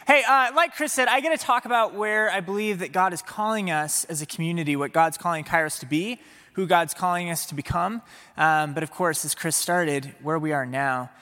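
Bright-voiced energetic man preaching. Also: on the high side, moderate pace. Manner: energetic, playful, speaks to the audience. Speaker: pastor. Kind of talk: sermon. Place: church sanctuary before a congregation. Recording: long reverb of a large hall.

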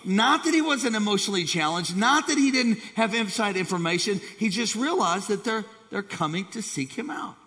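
A man preaching with a high, bright and forceful voice, swinging between hushed asides and excited bursts as he calls on the congregation. His sermon rings out with a long reverb from a large church hall. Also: a little fast, few pauses. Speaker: pastor.

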